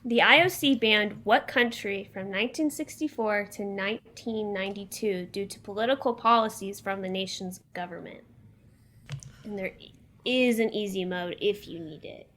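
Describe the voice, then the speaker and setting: Young woman quizmaster, mid pitch, reads questions plain and even. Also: normal speed, slight background noise. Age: young adult. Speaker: quiz host. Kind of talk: casual podcast quiz.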